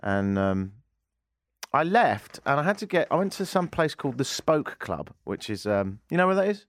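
A man hosting a comedic talk radio show tells rambling, self-deprecating anecdotes into a studio microphone. His voice is mid-range and sing-song, at a normal speed, with no echo.

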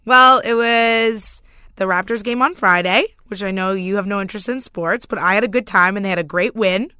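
Bright-voiced easygoing young woman. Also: medium pitch, smooth, no echo, studio quality. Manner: easygoing, quick to laugh along. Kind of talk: casual radio chat.

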